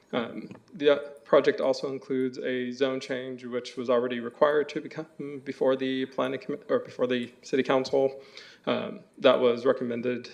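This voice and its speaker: A man's voice: medium pitch, creaky, a little mellow, poor audio. A city planning staffer, a man, giving a hesitant briefing to the council at a podium microphone, full of ums and uhs. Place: council chamber.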